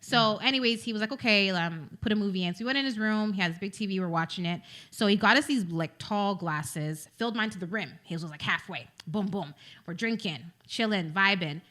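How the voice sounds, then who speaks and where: A woman co-hosting a radio talk show, retelling a personal story in an animated, dramatic way. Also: mid-range voice, a little fast. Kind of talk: casual storytelling chat.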